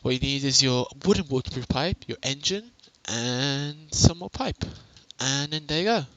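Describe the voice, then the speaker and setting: A man with a quiet voice talking through a casual game tutorial on a headset mic, chatty and self-mocking, laughing often. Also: medium pitch, animated, normal speed, no echo, low-quality recording. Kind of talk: casual gameplay tutorial commentary.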